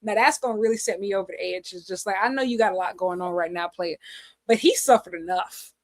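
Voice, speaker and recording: A woman's voice: mid-range voice, fast talker, no echo. A woman co-hosting a podcast, chatting casually and jokingly in slang. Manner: animated, jokey, slangy. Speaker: podcast co-host. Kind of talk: casual wrestling chat.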